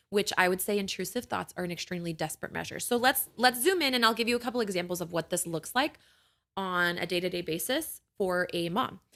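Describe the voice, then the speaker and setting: Chatty and reassuring, this young woman hosts a podcast for mothers, explaining things casually in a lowish, slightly bright voice. Her speech is conversational and full of "like" and "right?".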